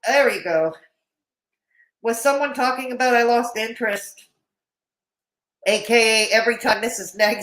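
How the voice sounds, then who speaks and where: A woman hosts a live reaction stream with a slightly high voice. She talks sarcastically, laughs often and answers viewers in chat. The room around her mic is noticeably echoey. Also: a bit bright. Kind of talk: casual live-stream commentary.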